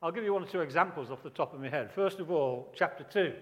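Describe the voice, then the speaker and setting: A man's voice: fairly high pitch, expressive, fast talker, few pauses, in a large hall. A man preaching a sermon emphatically, repeating key phrases and asking rhetorical questions.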